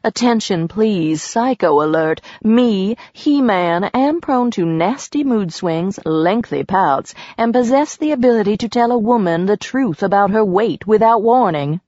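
A woman's voice: mid-range voice, lively intonation, a little slow, hardly any pauses, warm tone, dry recording, highs cut off, pitched above the performer's own voice. A woman reading aloud, voicing a bold, teasing young woman who works as a fortune teller. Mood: wisecracking. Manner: bold and wisecracking.

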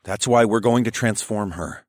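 A man narrates a story in the first person with a calm, measured delivery. His voice sits low. The recording is dry and close, with no room sound. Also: no room sound. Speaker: narrator and lead character.

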